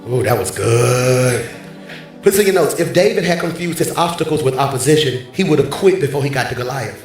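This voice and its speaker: A male pastor preaching a sermon from a church stage, animated and bantering with the congregation. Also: a little high, quick pace. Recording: very echoey hall, faint music.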